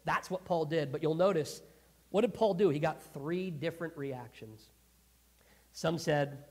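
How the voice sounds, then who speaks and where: A man preaching a sermon in a conversational, earnest way, clearing his throat often. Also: fairly high pitch, unhurried, a little mellow. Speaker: pastor.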